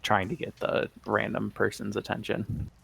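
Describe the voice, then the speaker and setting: Low, gravelly man playing a tabletop game. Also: completely flat delivery, normal speed, a bit bright. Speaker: player.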